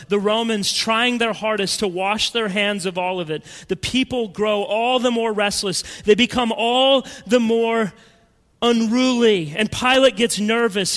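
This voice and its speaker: A man preaching a sermon in a dramatic, emphatic way, swinging between loud and hushed. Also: high voice, in a large hall.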